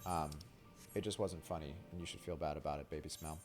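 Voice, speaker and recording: A man's voice: very deep voice, fairly even intonation, fast talker. A young man streaming a video game, chatting casually in a rambling, joking way full of "like" and crude humor. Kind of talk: casual live-stream chat while reading game dialogue. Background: game music.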